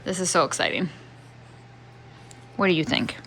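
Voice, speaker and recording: A woman talking casually through her home renovation, chatty and quick to laugh, thinking aloud as she works indoors. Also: fairly low pitch, animated, vocal fry, a bit bright, a little hiss or hum. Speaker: homestead vlogger. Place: inside a house being renovated.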